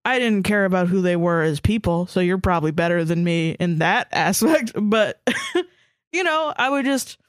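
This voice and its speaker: A woman's voice: lowish voice, animated, moderate pace, no echo, clean studio sound. A woman co-hosting a podcast, telling blunt, profane stories in casual chat. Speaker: podcast co-host.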